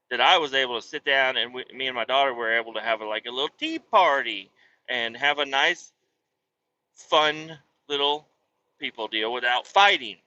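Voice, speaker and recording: A man in his thirties chats through a vlog about his kids and his trucking job, his voice bright and cutting with a lively, swooping pitch. He swears casually and slips into his kids' voices. The sound is dull and lo-fi. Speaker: vlogger, truck driver.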